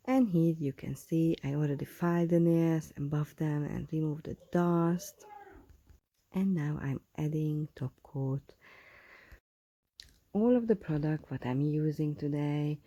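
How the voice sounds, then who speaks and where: A woman, a nail technician, chatting to viewers in a casual tutorial voice-over, often dropping into soft whispered asides. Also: sits low, no room sound. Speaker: nail technician, channel host. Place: at home.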